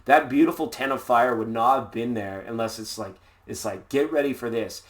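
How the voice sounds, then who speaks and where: Male live-stream tarot reader, mid-pitched voice, easygoing, punning, rambles cheerfully. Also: normal speed. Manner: playful, jokey, rambling with puns; laid-back and upbeat. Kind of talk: casual live tarot reading.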